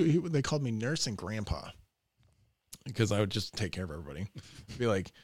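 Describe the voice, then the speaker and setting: Animated, profane man telling wild stories. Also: lowish voice, a little fast, breathy edge, dry recording, clean studio sound. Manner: profane, laughs often, acts out quotes. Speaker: podcast guest. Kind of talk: animated storytelling.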